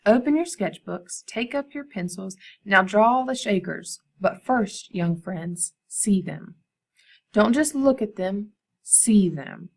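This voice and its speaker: A woman voicing a brisk, enthusiastic female art teacher who gives emphatic instructions to her students. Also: mid-range voice, lively intonation, creaky. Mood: instructive.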